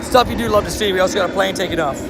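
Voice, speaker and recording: A man's voice: high-pitched, rapid-fire, heavy background noise. A young man chatting casually and cheerfully on a live stream outdoors, laughing often and restarting sentences. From not from New York. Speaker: livestreamer playing a mobile game outdoors.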